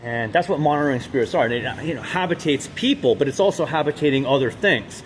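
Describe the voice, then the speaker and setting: A man talking in an unscripted monologue, rambling and halting with many restarts and fillers, and speaking with intense emphasis. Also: a little high, lively intonation, a little hiss or hum. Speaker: vlogger.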